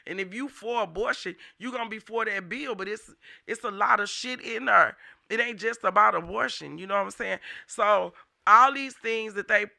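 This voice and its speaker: St guy ranting on his show, real sharp bright voice, cussing a lot, heated. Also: sits high, normal speed, gravelly. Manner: heated, profane, blunt. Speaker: show host. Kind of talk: unscripted ranting monologue.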